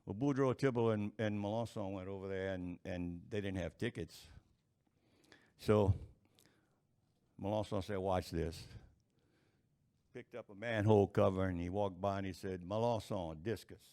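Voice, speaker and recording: A man telling folksy jokes to a live audience, chuckling at his own punchlines in an unhurried drawl. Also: sits low, dark tone, smooth. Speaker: stand-up storyteller.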